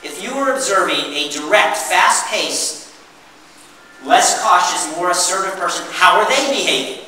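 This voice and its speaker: Animated man presenting in an echoey hall. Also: high voice, unhurried. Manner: animated, calls on the audience for answers. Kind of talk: interactive workshop presentation. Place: meeting room with an audience. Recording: echoey hall, mic far off.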